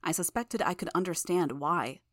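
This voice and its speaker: Woman narrating a fan audiobook, lowish voice, steady and even, very dry close sound. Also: moderate pace, no room sound. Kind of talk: first-person audiobook narration.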